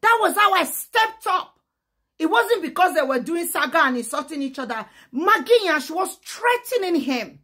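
A woman's voice: extremely high pitch, big pitch swings, moderate pace, bright, forceful tone. A woman with a Nigerian Pidgin accent, giving a fiery, emphatic vlog rant that switches between Pidgin and English. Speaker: social media commentator.

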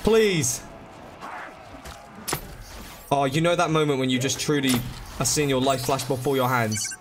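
A young man commentating his game live, excitable, swearing and begging the game for help. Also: mid-range voice, fairly quick. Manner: swears, begs and pleads under pressure. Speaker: gaming streamer. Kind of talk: frantic live gameplay commentary. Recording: loud game music behind. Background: game music.

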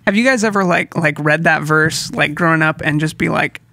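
A man's voice: fairly high pitch, a little fast, gravelly, pushed and bright, no echo. A man co-hosting a church podcast, chatty and full of fillers. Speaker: podcast co-host.

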